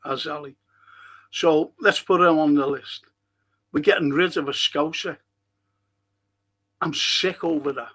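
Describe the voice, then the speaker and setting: A man's voice: a little high, steady tone, a little slow, pauses often, fairly bright tone. An older man hosting a live podcast, reading viewer comments and talking in a rambling, passionate way, swearing freely. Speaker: podcast host.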